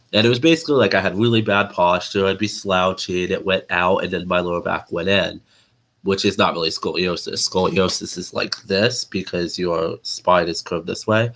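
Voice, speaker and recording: A man with a deep, low-set voice that carries a nasal edge. He rambles in a relaxed, chatty way as he hosts his own livestream, circling back with restarts and fillers. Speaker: livestream host. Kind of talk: casual rambling livestream talk.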